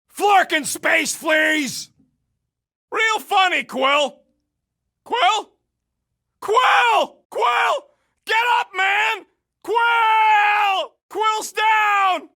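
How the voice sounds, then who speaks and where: Rocket Raccoon, high and gravelly. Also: male voice, full character voice. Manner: brash, yelling, sarcastic quips. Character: gruff wisecracking male raccoon gunner. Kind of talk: video game combat callouts.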